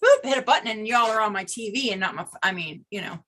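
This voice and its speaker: Bright-voiced older woman with an Okie twang. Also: medium pitch, fast, slight background noise. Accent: Okie-tinged Californian. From Northern California. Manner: chatty storyteller, lively asides. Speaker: guest. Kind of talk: casual video call chat. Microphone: video call.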